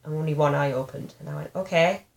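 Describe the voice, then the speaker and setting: A woman's voice: low voice, fast talker, gravelly. Frank woman in her thirties. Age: 30s. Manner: frank, animated storytelling with self-deprecating humor. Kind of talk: candid personal conversation.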